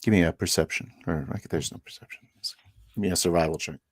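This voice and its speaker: A man's voice: sits low, fast, no room sound. A man narrating as game master, describing scenes vividly.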